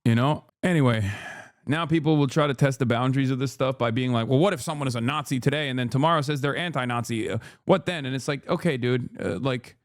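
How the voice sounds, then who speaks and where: A man's voice: medium pitch, quick pace, no echo, clean studio sound. A man ranting on a live stream, profane and heated, mocking others by putting on voices for their quotes. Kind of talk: live stream reaction rant.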